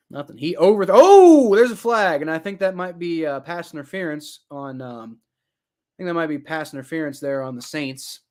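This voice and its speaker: Young man, live football reaction, casual play-by-play, rambling, filler-heavy, exasperated outbursts, slightly high voice. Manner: rambling with many fillers, gets loud and exasperated. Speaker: sports reaction streamer.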